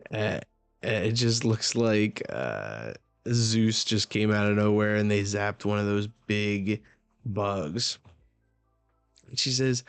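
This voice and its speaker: A man's voice: lowish voice, animated, slow, vocal fry, clean tone. A man giving a casual live reaction to a comic chapter, laid-back and swearing casually. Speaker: manga reaction streamer.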